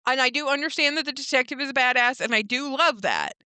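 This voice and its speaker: A woman's voice: sits high, animated, fast talker, sharp tone, clear, resonant tone, no echo. A young woman co-hosting a podcast, recapping a TV episode in casual chat and acting out the characters' lines with lots of "like" and "um.". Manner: retells scenes by voicing the characters, lots of "like" and "um". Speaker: podcast co-host.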